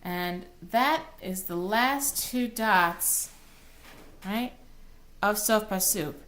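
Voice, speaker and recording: A woman's voice: medium pitch, expressive, extremely slow, fairly bright tone. A woman cantor teaching Torah cantillation, explaining plainly and breaking into short sung chant phrases. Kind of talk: recorded online lesson.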